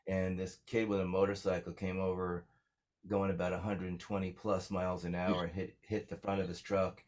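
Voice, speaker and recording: A man's voice: deep voice, flat delivery, moderate pace, a little mellow. A man telling stories as a songwriter guest in a casual interview, rambling with lots of fillers.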